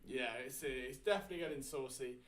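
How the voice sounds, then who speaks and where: A man with a British accent hosting a live sports draft watchalong, chatty and excitable, often correcting himself mid-thought. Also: mid-range voice, fast. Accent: British English. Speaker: host.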